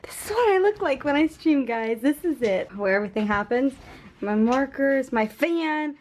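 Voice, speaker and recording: Bubbly high-voiced woman vlogging. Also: a little slow. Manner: bubbly, excitable, gasping and giggly. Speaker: vlogger and streamer. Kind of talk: casual vlog to camera. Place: home room, then an airport terminal. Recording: noisy handheld vlog audio.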